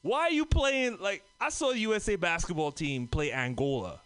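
A man's voice: high-pitched, moderate pace, fairly bright tone, smooth, dry recording, soft background music. A man from Trinidad and Tobago doing a stand-up comedy set, swearing freely and laughing through his lines.

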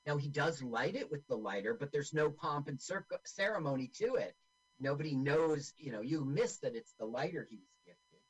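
A man's voice: on the high side, animated, normal speed, breathy edge, low-quality recording. A man co-hosting a podcast who narrates the on-screen action of a movie with sarcastic asides. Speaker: podcast co-host. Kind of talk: casual movie commentary.

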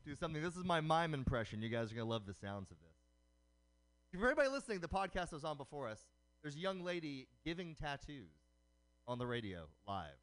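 A man doing a stand-up comedy set of quick puns, performed live for a radio show. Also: mid-range voice, very animated, a bit bright. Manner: punning, quick joke delivery. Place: comedy night broadcast on radio.

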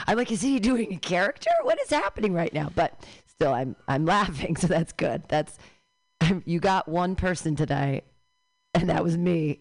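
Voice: medium pitch, gravelly. A host emceeing an open mic comedy show, giggly and rambling. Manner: giggly, rambling, rapid asides.

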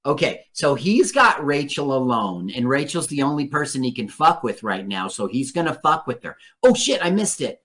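A radio host talks through a movie in loose, casual chat, swearing freely. The voice is bright and edgy, and the pitch swoops all over the place. The delivery stays animated throughout. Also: faint music behind. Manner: animated, profane, quick to laugh.

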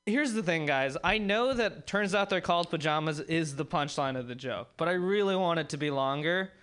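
A man's voice: fairly high pitch, normal speed, a bit bright, clean tone. A man in his twenties doing a rambling, self-mocking stand-up set, talking to the crowd. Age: 20s. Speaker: stand-up comedian. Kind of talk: stand-up set at an open mic.

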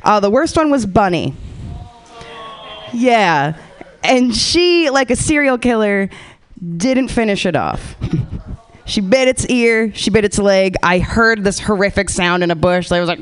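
A woman in her thirties doing a stand-up set, rambling with dark deadpan humor and acting out quotes. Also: medium pitch, a little slow, clear, resonant tone. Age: 30s. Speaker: stand-up comedian.

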